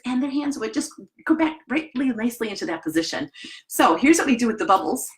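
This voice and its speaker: A woman's voice: on the high side, fast. A middle-aged woman with a Wisconsin accent, teaching piano teachers in a chatty live-stream talk from her home studio. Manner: chatty, animated, demonstrates as she talks.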